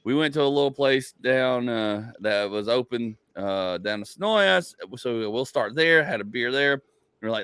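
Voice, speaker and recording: A man in an everyday middle register spins a loose, rambling story as a comedian hosting a podcast chat. His pitch bounds around, leaping up when he laughs at his own tale. The sound is close and dry, with no room around it. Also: moderate pace, fairly bright tone, clean tone, no room sound.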